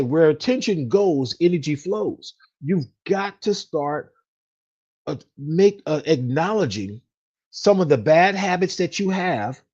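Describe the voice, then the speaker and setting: A man's voice: fairly high pitch, darkish tone, breathy edge, lo-fi sound. A man hosting a finance podcast, giving a casual motivational talk with lots of fillers and repeated "right?" tags. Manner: repetitive, says "right?" often, many fillers. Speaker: podcast host, financial specialist.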